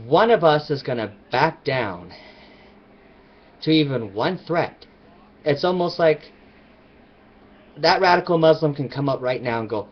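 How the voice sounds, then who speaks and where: A man's voice: on the high side, expressive, unhurried, long pauses. Emphatic man ranting on a lo-fi mic. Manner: emphatic, rambling. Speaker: vlogger. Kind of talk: casual opinion rant to camera.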